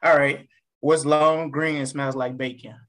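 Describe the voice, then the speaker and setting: A man telling a riddle joke on a comedy podcast, in a casual, lively way. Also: mid-range voice, a little slow.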